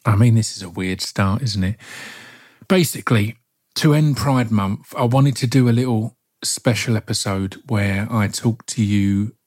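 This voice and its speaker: A man hosting a solo podcast, talking softly and gently in a heartfelt way. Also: fairly low pitch, measured pace. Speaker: podcast host.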